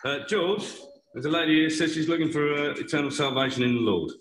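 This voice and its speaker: A bumbling, self-important desk officer, played by a man in a comedy sketch, forever steering things toward preaching. The voice sits a little high. The sound is a roomy video playback with clear background noise. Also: natural voice. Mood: pompous. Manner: pompous, deliberately mishearing, calls her madam. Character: bumbling male desk officer, middle-aged, oblivious and preachy.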